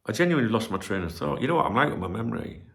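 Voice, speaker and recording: Gravelly male host, middle-aged, rambling home chat with lots of swearing and a lively, bouncing delivery. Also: lowish voice, rapid-fire. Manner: rambling, swears freely, loses his train of thought. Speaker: channel host. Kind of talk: casual rambling chat to camera. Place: home room where he streams.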